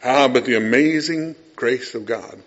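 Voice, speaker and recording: Man, middle-aged pastor, storytelling sermon, swings from hushed to loud, dull lo-fi sound. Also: medium pitch, measured pace.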